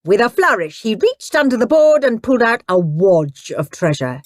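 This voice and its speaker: A woman narrating a children's audiobook in a lively, dramatic way, relishing each line. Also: a little high, normal speed, few pauses, soft background music. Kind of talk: expressive storybook narration.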